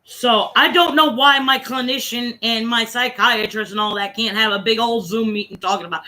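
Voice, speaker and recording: A woman's voice: a little high, steady tone, moderate pace, hardly any pauses, sharp tone. A woman from Connecticut venting in a casual, rambling, profane chat on her own stream. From Connecticut, USA. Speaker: livestream host.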